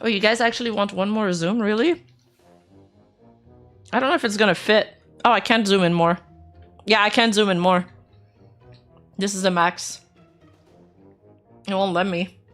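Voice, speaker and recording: A woman's voice: medium pitch, steady tone, moderate pace, pauses often, a bit bright, faint music behind. A woman streamer casually reacting to news, reading posts aloud and chatting with her viewers. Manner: chatty, answers chat, reads text aloud.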